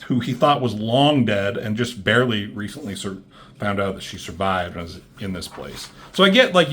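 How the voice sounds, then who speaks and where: A man whose voice is on the low side yet fairly bright rambles through a casual comic book review. He curses a lot and fills silences with "um" and "like."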